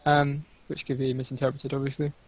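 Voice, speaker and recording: Fast-talking man hosting a game cast. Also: mid-range voice, monotone, dry recording. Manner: quick, polite, stumbling with fillers. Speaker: shoutcaster host. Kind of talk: casual casting chat over voice call. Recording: muffled lo-fi voice call.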